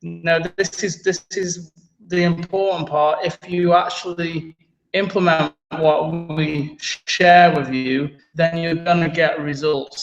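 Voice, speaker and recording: A man's voice: a little high, vocal fry, fairly bright tone, rough recording. A man co-hosting a live online sales webinar, chatty and casual, with frequent fillers and jokey asides. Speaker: webinar co-host.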